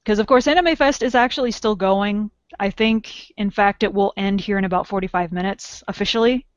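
A woman's voice: medium pitch, a little fast, no room sound, muffled recording. A woman hosting a casual podcast in an upbeat, chatty way. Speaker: podcast host.

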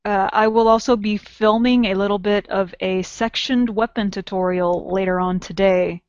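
A woman's voice: medium pitch, fairly even intonation, moderate pace, dry recording, highs cut off. A woman hosting a casual podcast in an upbeat, chatty way. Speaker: podcast host.

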